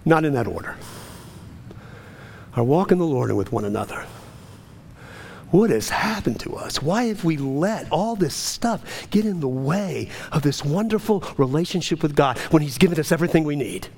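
Male preacher, high-pitched, delivering a passionate sermon with sweeping highs and lows. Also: expressive, normal speed, vocal fry, a little mellow, husky. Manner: impassioned, rising to urgent high pleas then dropping low. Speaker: pastor.

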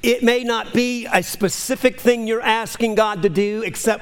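A pastor in his fifties preaching a sermon with passion, moving between loud cries and hushed whispers. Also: very high voice, fairly even intonation, normal speed, few pauses, clear, resonant tone, faint music behind. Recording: long hall reverb.

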